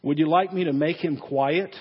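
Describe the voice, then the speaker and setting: A man voicing a calm, steady angel who asks patient, plain questions. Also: fairly high pitch, normal speed, breathy edge. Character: calm, steady angel offering to kill a sin. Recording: dull, echoey church sermon recording.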